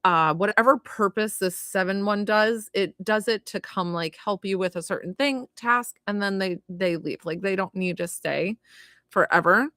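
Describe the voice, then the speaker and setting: A woman giving a live spirit reading as a medium, chatty and filled with "like" and "you know", gentle and consoling as she passes on messages. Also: medium pitch, normal speed, dry recording. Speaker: psychic medium.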